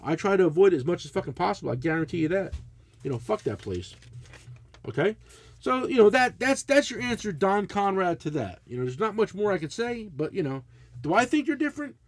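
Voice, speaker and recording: A man's voice: high voice, fast talker, no echo. A middle-aged man, telling a profane, blunt story in casual chat as a podcast co-host. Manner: animated, swearing, blunt ranting.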